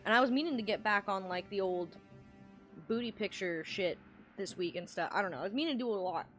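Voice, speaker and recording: Brief: woman streamer, casual rambling rant, heavy cursing, mid-pitched, faint music behind. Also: fairly quick, fairly bright tone. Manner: profane, ranting, rambling. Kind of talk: casual livestream chat.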